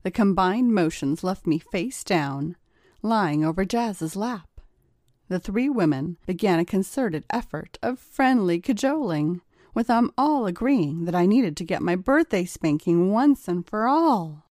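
A woman narrating an erotic story in a slow, measured storytelling manner. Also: mid-range voice, expressive, darkish tone, no room sound, studio quality.

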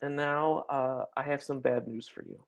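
A man's voice: medium pitch, fairly even intonation, moderate pace, highs cut off. A man hosting a podcast who jokes around and sets up absurd scenarios for his guest. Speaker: podcast host. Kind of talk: casual interview chat.

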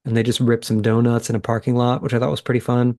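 A man's voice: medium pitch, completely flat delivery, fast talker, dark tone, dry recording, studio quality. A man hosting a podcast, recapping episodes in a chatty way and thinking aloud as he goes. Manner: chatty, thinks aloud, reacts in real time. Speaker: podcast host. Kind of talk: casual recap commentary.

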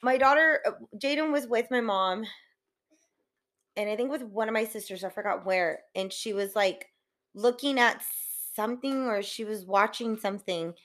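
Woman, podcast co-host, casual chat, a bit high-pitched, animated storytelling. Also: moderate pace. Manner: animated storyteller who acts out quoted voices. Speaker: co-host, biological mom.

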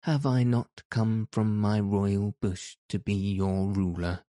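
A gentle, sweet rose princess from a storybook speaks softly and sorrowfully, as a man reads her. The voice is mellow and low. It is recorded dry and close. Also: fairly even intonation, takes it slowly, dry recording.

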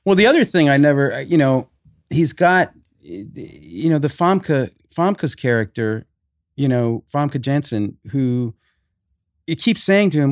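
A middle-aged man chatting as a podcast guest, speaking at a middle pitch. He tells stories with lively energy, swearing casually and restarting his sentences. The sound is close and dry, like a studio mic. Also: unhurried, dry recording. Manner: animated storyteller, swears, acts out quotes.

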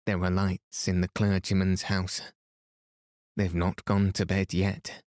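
A man reading a children's story aloud as a calm bedtime read, soothing and even, lightly voicing the children. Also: low voice, slow pace, no echo, clean studio sound. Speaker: podcast host and bedtime story reader.

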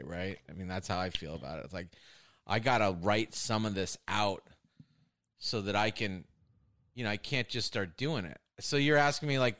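Low-voiced man chatting casually. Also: a bit bright. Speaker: podcast guest, impressionist. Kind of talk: casual chat.

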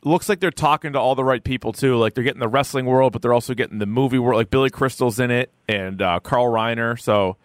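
A man's voice: mid-range voice, quick pace, hardly any pauses, no room sound, clean studio sound. A man co-hosting a podcast in casual chat, blunt and opinionated and cursing freely. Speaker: podcast co-host.

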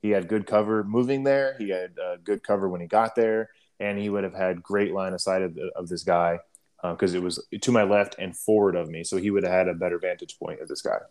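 A young adult man casually telling a war story, profane and rambling, often clearing his throat. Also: deep voice, steady tone, brisk, a little mellow.

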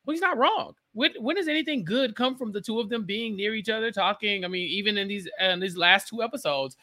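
A podcast co-host talks things through in casual chat, pausing on small fillers as they explain. The voice is bright and forceful at a middle pitch. The sound is dry and close to the mic. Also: dry recording. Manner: thoughtful, explains with filler pauses.

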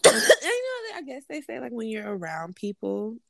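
A woman's voice: mid-range voice, expressive, moderate pace, vocal fry, darkish tone, a little hiss or hum. A woman chatting casually with a co-host, quizzing him in a guessing game, teasing and giggly. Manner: teasing, giggly, laid-back.

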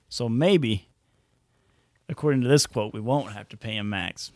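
A man's voice: mid-range voice, normal speed, long pauses, darkish tone, dry recording, clean studio sound. A man co-hosting a casual sports podcast, agreeable and upbeat, steering the talk to new topics. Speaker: podcast co-host.

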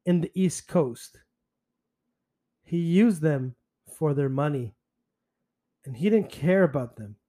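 A man hosting a solo podcast, speaking in an earnest, indignant, unhurried way. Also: high voice, darkish tone. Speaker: podcast host.

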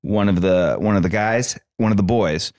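A man's voice: on the low side, moderate pace, a little mellow, no room sound, clean studio sound. A man hosting a sports podcast, telling a story in a laid-back way with lots of fillers. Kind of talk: casual chat.

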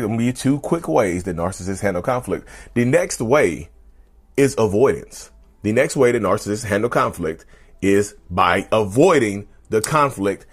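A man's voice: lowish voice, husky. A man hosting a casual podcast monologue, talking emphatically and repetitively and addressing listeners as y'all. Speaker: podcast host.

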